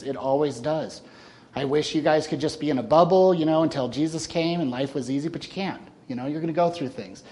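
A man in his thirties talks to his church group in an earnest, casual way. His voice sits a little higher than most men's. He speaks plainly and warmly to the young men in front of him, and his feeling shows through. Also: slight background noise. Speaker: church member giving a farewell talk. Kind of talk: informal church talk.

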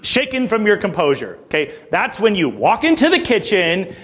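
A man's voice: high voice, huge pitch swings, normal speed, a bit bright, husky. A man preaching a sermon in a conversational way, breaking down scripture with asides and acted quotes. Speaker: pastor.

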